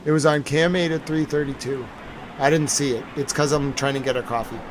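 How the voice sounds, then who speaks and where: A man's voice: fairly high pitch, steady tone, fairly quick, noisy background. A tired man hosting a live stream, chatting casually and rambling to his viewers.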